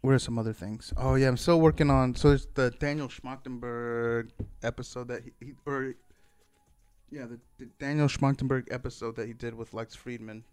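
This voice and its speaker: A man's voice: medium pitch, fairly even intonation, normal speed, darkish tone, smooth, no echo. A man hosting his own podcast in a loose, rambling chat, full of fillers and casual swearing. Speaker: solo podcast host.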